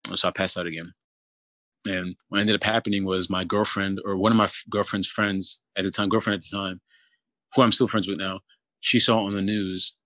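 Casual young man, deep steady voice, dry close recording, personal storytelling. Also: a little fast, no echo. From Philadelphia area. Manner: casual, many fillers like "you know" and "kinda".

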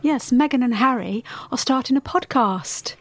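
A woman's voice: high voice, normal speed, no room sound. A woman from the English Midlands chats playfully on a couple's podcast and laughs often. Her voice sits a touch above the usual. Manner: giggly, chatty, playful. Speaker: podcast co-host. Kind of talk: casual couple chat.

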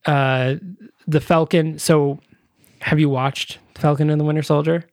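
A man's voice: a little high, level tone, unhurried, darkish tone, no room sound, studio quality. A man co-hosting a podcast, casually recapping a film with lots of fillers and restarts. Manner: rambling, acts out characters' lines in quotes. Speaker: podcast co-host.

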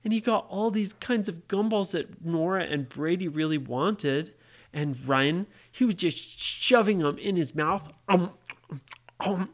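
A parent telling a made-up story to a child, pausing to ask the child questions. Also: medium pitch. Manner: slow, asks the listening child questions. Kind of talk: bedtime story told to a child.

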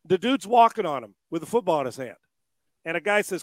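A man's voice: sits high, fast, no room sound. A man who trains quarterbacks, telling stories in casual chat, swearing often and laughing as he goes. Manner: profane, animated storytelling with laughs.

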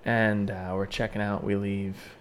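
A man co-hosting a podcast, telling an animated, swearing story in casual chat and shouting the lines he quotes. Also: fairly low pitch, measured pace, slight background noise. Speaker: podcast co-host.

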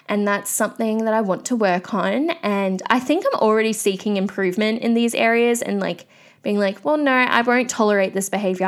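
Chatty woman podcast host. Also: mid-range voice. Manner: candid, chatty rant with frequent fillers. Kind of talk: solo podcast monologue.

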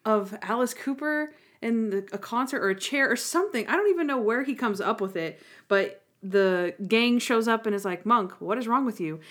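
A woman co-hosting a podcast in casual chat, recapping quickly and enthusiastically. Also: a little high. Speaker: podcast co-host.

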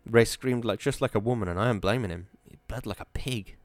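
A man voicing a blunt, rough-spoken mill worker, telling it emphatically. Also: on the low side, a little fast, dry recording, lightly acted. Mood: emphatic.

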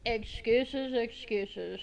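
A woman's voice: a little high, very slow, vocal fry, a crowd in the background. A woman chatting casually on a podcast, teasing the others with dry humor. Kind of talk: casual chat.

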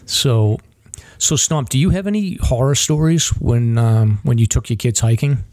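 A man co-hosting a podcast who asks questions in an easygoing, halting way with frequent restarts. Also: mid-range voice, a little mellow, no room sound. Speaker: podcast co-host. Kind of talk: casual podcast interview.

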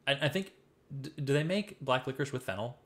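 A young man from the Midwest talks quickly in a loose, swearing podcast chat. He tells his stories with lively, animated energy, at a middling pitch. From American Midwest. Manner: profane, animated storytelling. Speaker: podcast co-host. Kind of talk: casual chat.

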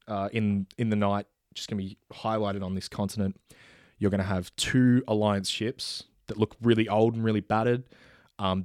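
A man in casual chat pitching a film idea, rambling with many fillers and restarts, now and then acting out characters' lines. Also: darkish tone, dry recording, clean studio sound.

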